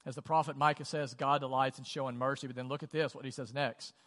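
A man with a mid-pitched voice preaches a sermon in a relaxed, conversational way. He leans on "like" and asks the congregation questions as he goes. His voice rings through a church hall with a long reverb. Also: fast. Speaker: pastor. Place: church auditorium.

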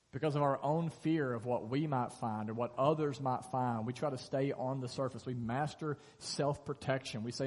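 Pastor preaching, lively storyteller, husky voice, long church reverb. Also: male voice, medium pitch. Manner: animated storytelling, acting out scripture dialogue. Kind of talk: sermon. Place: church sanctuary.

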